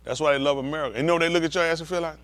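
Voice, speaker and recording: A man with a rather high voice preaches in a blunt, heated, profane way. He talks straight at the congregation and acts out scenes with volunteers as he goes. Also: fairly even intonation, racing, a bit bright. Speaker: pastor.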